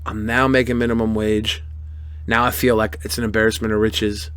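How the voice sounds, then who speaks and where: A man's voice: lowish voice, level tone, normal speed, fairly bright tone, smooth, no room sound. A young man live-streaming, thanking donors in crude, profane, mock-angry banter with his chat. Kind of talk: casual live-stream chat reading donations.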